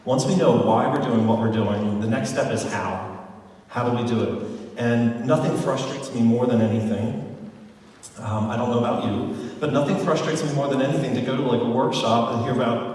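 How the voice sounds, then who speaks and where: A man leading a motivational sales training for a live audience, chatty and animated, joking with the crowd. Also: mid-range voice, a little fast. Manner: chatty, animated storyteller who jokes with the crowd. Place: large hall with live audience. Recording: echoey hall, far from mic.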